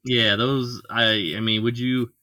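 Casting: a man co-hosting a podcast, crude and joking, mid-pitched, dry close sound. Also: little pitch movement, slow pace, pushed and bright, dry recording. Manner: crude, joking, reads news aloud. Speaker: podcast co-host. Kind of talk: casual chat.

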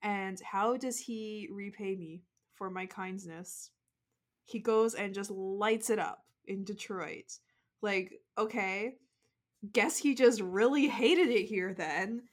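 Woman cohost chatting casually on a podcast, mid pitch, lots of "like"s. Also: slow pace. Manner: chatty, frequent "like" and "mm-hmm". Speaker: podcast co-host. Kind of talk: casual sports chat.

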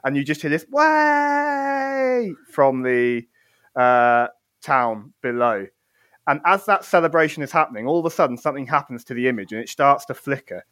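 A man's voice: medium pitch, brisk, a bit bright, no echo. A man narrating a tabletop game as game master, in a theatrical storytelling manner.

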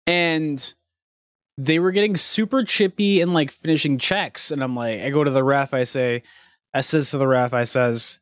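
A man's voice: medium pitch, normal speed, no echo, studio quality. A young man telling a long rambling story on a podcast, swearing freely and getting worked up. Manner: animated, profane, rambling storytelling. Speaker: podcast co-host.

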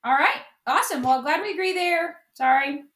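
A woman's voice: high voice, animated, normal speed, fairly bright tone. A woman co-hosting a podcast, agreeing with the others and steering the talk on to the next topic. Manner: agreeable, moves the show along. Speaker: podcast co-host. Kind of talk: casual podcast banter. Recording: echoey room.

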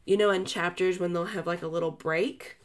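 A woman's voice: fairly low pitch, fairly even intonation, fairly quick. Chatty woman co-hosting a book podcast. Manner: chatty, full of fillers and restarts. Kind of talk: casual book chat.

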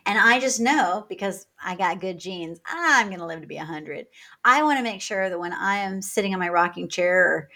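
Animated woman telling stories. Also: mid-range voice, normal speed. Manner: energetic, laughs often, acts out quoted dialogue. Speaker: podcast guest. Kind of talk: animated conversational storytelling.

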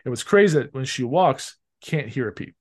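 A man's voice: mid-range voice, normal speed, a loud crowd. A man in his thirties hosting a podcast, recounting a movie in casual chat and acting out its scenes. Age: 30s. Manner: animated, acts out movie scenes with voices. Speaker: podcast host.

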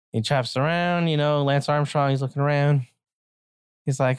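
A woman's voice: low-pitched, steady tone, moderate pace, smooth, no echo, studio quality. A woman improvising a silly comic story in a rambling, self-mocking way.

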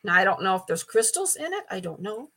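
Speaking fast in a sharp, sing-song mid-range voice, the same kind of older psychic medium guest tells stories during a relaxed interview. Her talk is chatty, full of laughter and tripping over repeated words.

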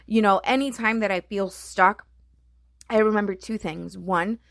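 A woman's voice: medium pitch, steady tone, unhurried, vocal fry, a bit bright, no room sound, studio quality. A middle-aged woman speaking as a mother, earnest and reflective, in a heartfelt personal monologue full of "you know" and "right?".

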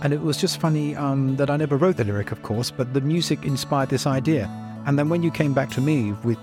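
A man, a band's composer, talking thoughtfully with many pauses and ums. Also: mid-range voice, over music. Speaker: composer in a band. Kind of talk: podcast conversation.

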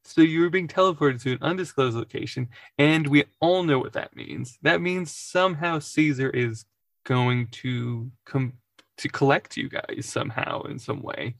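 A man's voice: medium pitch, normal speed, vocal fry, a bit bright, no room sound. A man narrating a tabletop game as game master, rambling and laughing often between lines.

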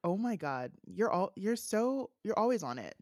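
A woman's voice: medium pitch, sing-song, moderate pace, darkish tone, no room sound, studio quality. A woman co-hosting a casual chat podcast, teasing and blurting out jokes and questions. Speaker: podcast co-host.

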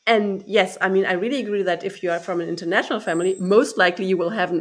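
A woman talks through her thoughts in a relaxed discussion, her voice sitting at a middle pitch. She pauses and restarts while searching for words and breaks into laughter along the way. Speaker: discussion participant. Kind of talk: casual conversation.

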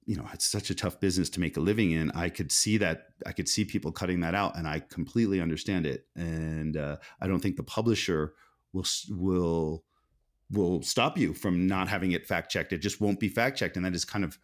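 A man's voice: low-pitched, brisk. An American man speaking as an author guest in a conversational interview, thoughtful and often restarting his sentences. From United States. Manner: thoughtful, many restarts and self-corrections.

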